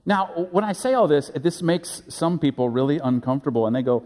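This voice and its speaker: Male pastor, earnest sermon delivery with emphatic rises, higher-pitched voice, reverberant sanctuary. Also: darkish tone. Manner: earnest, building to emphatic high-pitched peaks with halting restarts. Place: church sanctuary. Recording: echoey church hall.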